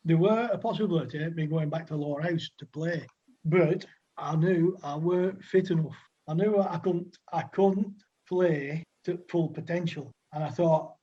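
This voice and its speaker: Husky-voiced Lancashire man in his sixties. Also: fairly high pitch, moderate pace, dark tone, dull audio. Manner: rambling and chatty, with dialect words and many fillers. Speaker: podcast guest, former cricketer. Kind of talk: anecdotal storytelling.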